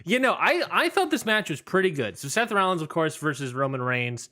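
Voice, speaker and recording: Bright-voiced rambling male podcast host. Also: fairly high pitch, sing-song. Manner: rambling, lots of fillers and restarts, quick laughs. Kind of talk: casual wrestling podcast chat.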